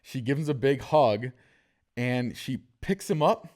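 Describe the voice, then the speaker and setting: A man's voice: medium pitch, lively intonation, a little slow, a little mellow. Joking man telling stories on a podcast. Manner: storytelling, jokey, acts out quotes. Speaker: podcast host. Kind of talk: casual podcast chat.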